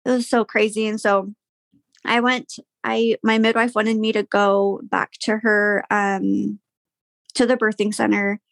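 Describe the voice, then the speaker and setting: Young woman, guest, candid, sighing, gravelly, dry close sound. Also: mid-range voice, little pitch movement, a little slow, no room sound. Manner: candid, frequent "like" fillers, sighs. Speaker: guest sharing a personal story. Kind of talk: casual podcast conversation.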